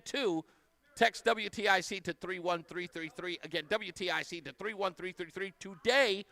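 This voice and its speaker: High-pitched radio host guy, gushing with thanks, super dry mic. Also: no echo. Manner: animated, effusive, thanks donors repeatedly. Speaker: radio talk show host. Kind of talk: casual radio chat and live fundraiser. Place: radio studio.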